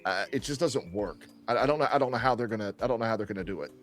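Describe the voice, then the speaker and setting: Man, lowish voice, loose and joking, swears, frequent restarts, casual podcast chat. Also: animated, racing, faint music behind. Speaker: podcast co-host.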